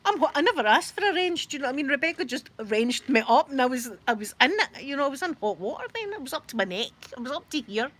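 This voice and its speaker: A woman's voice: sits high, very animated, fast talker, hardly any pauses, fairly bright tone. A Scottish woman chatting casually to a live audience from her rocking chair at home, rambling and laughing often. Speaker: YouTube live streamer.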